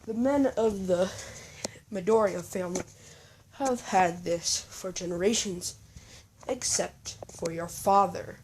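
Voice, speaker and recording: A woman voicing a jolly, cheerful old Santa Claus, speaking loudly and heartily. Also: medium pitch, takes it slowly, a little hiss or hum, close to an everyday voice, low-quality recording. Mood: explaining. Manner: hearty, loud, chuckling.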